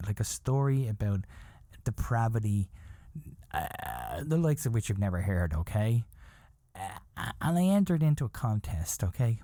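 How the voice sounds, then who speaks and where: A man's voice: on the low side, dry recording, clean studio sound. A man hosting a podcast, telling a story as a profane, exasperated comedic rant. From from outside the USA. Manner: profane, animated, exasperated rants. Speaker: podcast host.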